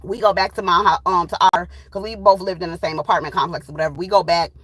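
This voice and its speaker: A woman in her thirties, a tarot channel host, telling a personal story in a blunt, profane, animated way. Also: on the low side, fast, slightly rough, no room sound, low-quality recording. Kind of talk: casual storytime.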